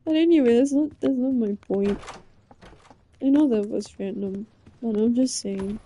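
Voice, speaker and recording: A woman's voice: on the high side, normal speed, dark tone, slight background noise. A young woman from Britain chatting casually and rambling in a giggly, playfully flustered way. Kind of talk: casual chat to a listener. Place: indoors, under a blanket.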